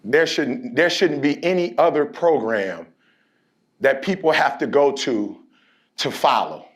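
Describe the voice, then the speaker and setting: A man giving an energetic motivational speech, leading the crowd in call-and-response and building to shouts, with slang-filled storytelling. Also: medium pitch, measured pace, slightly rough. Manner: slips into street slang and storytelling. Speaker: motivational speaker.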